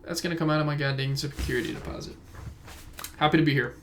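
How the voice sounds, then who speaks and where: Young dude rambling on his podcast, kinda high voice, tangents everywhere, cussing, phone mic in his room. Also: steady tone, fast talker, fairly bright tone, slight background noise. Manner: rambling, goes off on tangents, swears casually. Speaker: podcast host. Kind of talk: casual solo podcast chat. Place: his room at home, indoors. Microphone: phone camera.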